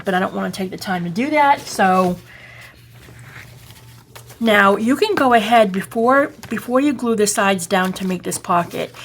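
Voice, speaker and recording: Boston-accented woman, craft-tutorial host, a bit of gravel in her voice, rambles and self-corrects as she works. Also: medium pitch, slight background noise. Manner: chatty, rambling, self-correcting, often checking the viewer follows. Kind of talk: casual step-by-step crafting tutorial.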